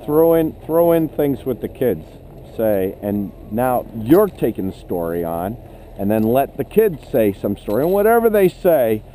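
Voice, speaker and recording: A man's voice: mid-range voice, big pitch swings, measured pace, mellow, slight background noise. A man leading an instructor training session, asking the group questions and telling stories. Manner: conversational, asks the group questions, tells anecdotes. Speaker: ski instructor.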